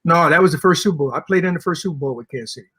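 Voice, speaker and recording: Older man telling a lively, husky story. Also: fairly high pitch, rapid-fire. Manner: animated storyteller acting out quotes. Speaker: guest. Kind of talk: storytelling interview. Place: comic convention.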